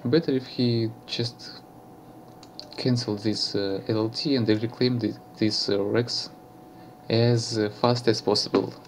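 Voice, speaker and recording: A man from Russia with a Russian accent, commentating a strategy game match in halting English with many fillers and self-corrections. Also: on the low side, steady tone, a little hiss or hum.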